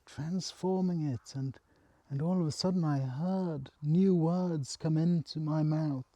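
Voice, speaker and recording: A man recounts a personal spiritual experience in a soft, halting and earnest way. His voice is very mellow and dark, and he takes his time. The sound is close and dry. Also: on the high side, no echo. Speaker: storyteller.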